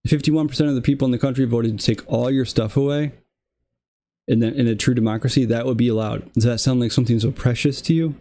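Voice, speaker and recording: A man's voice: mid-range voice, steady tone, quick pace, dark tone. A young man hosting a political commentary show, delivering a casual, exasperated rant full of fillers and restarts.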